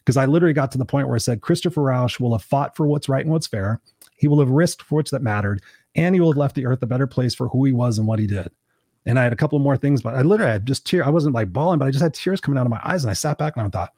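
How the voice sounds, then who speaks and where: A man talking fast and candidly as a guest in an interview, swearing now and then as he tells a personal story. His voice is dry and close, with no room sound around it. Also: medium pitch, lively intonation, warm tone, dry recording. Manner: blunt, swears casually, vivid anecdotes. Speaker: guest, life coach and professional speaker.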